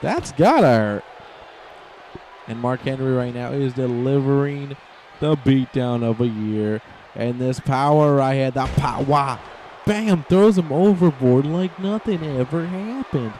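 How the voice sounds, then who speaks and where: A man giving excitable, rambling play-by-play commentary over a wrestling video game, shouting on the big moves. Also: mid-range voice, a little slow, slight background noise.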